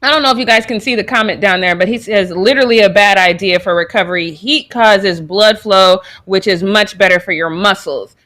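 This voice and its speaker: A young woman from Colorado co-hosting a casual sports chat show, animated and quick to laugh, sometimes stumbling over names. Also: medium pitch. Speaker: co-host.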